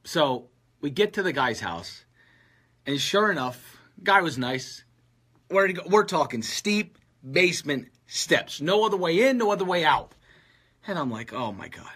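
Husky, bright-voiced man telling a story. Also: a little high. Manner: animated, acts out friends' lines. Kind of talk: casual storytelling.

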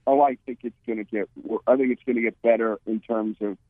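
A man's voice: mid-range voice, fairly even intonation, fast, no room sound. Man aan een blikkerige telefoonlijn. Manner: emphatic, opinionated storytelling. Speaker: radio guest, network executive. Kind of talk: phone-in interview. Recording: tinny phone line.

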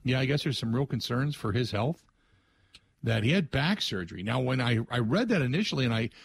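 A man's voice: mid-range voice, very animated, a little fast, creaky. A man hosting a sports radio show, telling rambling stories in a loose, conversational way and inviting listener calls.

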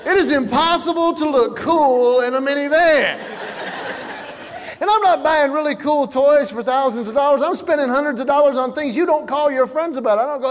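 A male comedian doing stand-up, telling stories in an animated way and acting out voices. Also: very high voice, moderate pace. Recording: long hall reverb, faint background noise.

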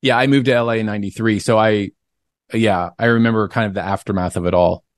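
A man's voice: fairly low pitch, steady tone, quick pace. A male podcast host chatting casually, reacting eagerly and asking follow-up questions. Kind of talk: casual interview chat.

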